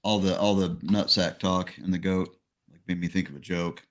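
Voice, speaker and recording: A man's voice: low voice, flat delivery, moderate pace. A man co-hosting a casual podcast, laid-back, telling a joke among friends. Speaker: podcast co-host.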